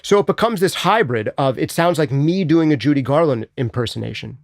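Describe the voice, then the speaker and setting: A man hosting a casual live chat, answering viewer questions in a chatty, animated way and thinking out loud. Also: on the high side, fairly quick, creaky, dry recording, clean studio sound.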